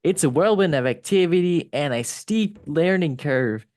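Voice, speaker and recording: A man's voice: a little high, lively intonation, moderate pace, darkish tone, no echo, pitched above the performer's own voice, close to an everyday voice. A man doing a mocking impression of a middle-aged American businessman who owns a sports club, with an upbeat, drawling corporate tone. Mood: upbeat spin.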